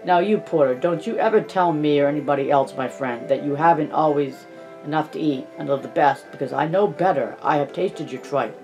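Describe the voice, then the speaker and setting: A man's voice: on the high side, fairly quick, over music, close to an everyday voice. A man reading an audiobook, voicing a pompous, self-satisfied male alderman who talks down to the poor. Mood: smug. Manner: self-satisfied, patronizing, chuckling.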